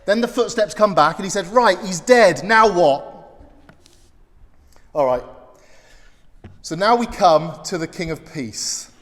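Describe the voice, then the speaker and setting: Male British pastor, higher voice, animated sermon, echoey church hall. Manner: storytelling with sudden loud exclamations.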